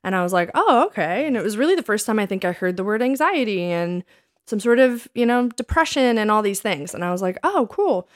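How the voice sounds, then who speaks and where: Woman, casual storytelling, laughs a lot, acts out quotes, lively. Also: quick pace. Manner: animated, laughing, quotes herself in a higher voice. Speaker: podcast co-host.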